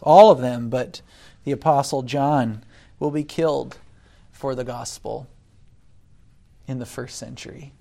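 A man preaching a sermon, deliberate, rising loud when he quotes scripture and dropping soft between points. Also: medium pitch. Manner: deliberate, swells loud on scripture then drops quiet.

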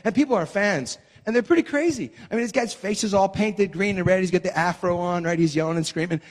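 A man preaching a sermon, telling chatty stories and checking in with "right?" before bursting into shouted exclamations. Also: high-pitched, fast. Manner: keeps asking the crowd "right?". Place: church sanctuary. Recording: long hall reverb.

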